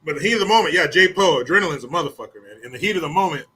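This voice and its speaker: A middle-aged man spins rough tales in a casual, profane way, his voice bright and sitting a little high. He jumps into the voices of the people in his stories, then drops back into easy chat. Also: very fast. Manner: profane, animated, acts out quotes of others. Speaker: host telling stories. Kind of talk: casual storytelling.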